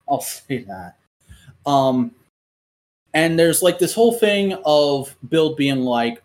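A man's voice: medium pitch, takes it slowly. Guy chatting casually on a podcast, rambly and profane, keeps restarting his sentences. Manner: rambling, profane, animated retelling; many fillers and restarts. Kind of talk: casual chat.

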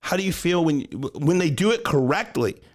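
Speaking at a normal pace, this man's slightly high voice has lively intonation. He coaches gymnastics and co-hosts a podcast, has a young daughter, and casually lays out his approach by posing his own questions, answering them, and frequently adding "right?".

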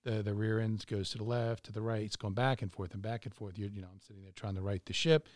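A middle-aged man telling a story in a measured, casual way, with frequent fillers. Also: lowish voice, fairly even intonation, darkish tone, no echo, clean studio sound.

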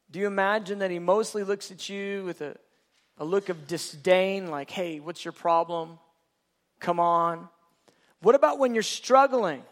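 Brief: high-pitched male preacher, emphatic, repetitive, rhetorical questions. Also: fairly bright tone. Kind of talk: sermon.

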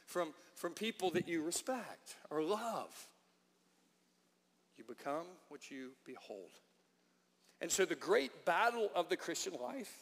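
Pastor, man, high voice; emphatic sermon delivery in a reverberant church. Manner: prayerful and hushed in prayer, then animated and emphatic when preaching. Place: church sanctuary.

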